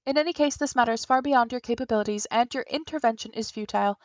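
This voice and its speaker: A woman's voice: fairly high pitch, fast talker, lo-fi sound, slight background noise, natural voice. A woman voicing a proud, grandiose female spirit guardian in a video game, speaking in a pompous, theatrical formal manner.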